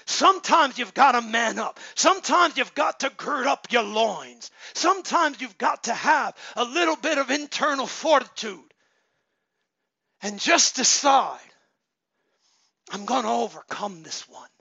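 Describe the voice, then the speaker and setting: Male pastor in his thirties, high gravelly voice, forceful preaching, dry lo-fi recording. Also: lively intonation, unhurried, dry recording. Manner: exhorting, swings from loud shouts to low murmurs. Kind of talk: sermon. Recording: dull lo-fi sound.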